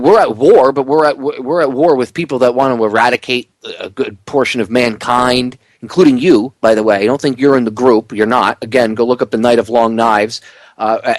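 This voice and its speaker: A man's voice: medium pitch, no room sound. Man, middle-aged, talk radio host, emphatic, stammering, dry studio mic. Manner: impassioned, ranting, emphatic; stammers and restarts often.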